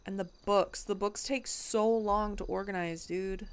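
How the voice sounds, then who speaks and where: A woman's voice: mid-range voice, fairly even intonation, unhurried, few pauses, clean tone. A woman streamer talking in character during a game roleplay, frustrated and rambling, swearing often and full of fillers.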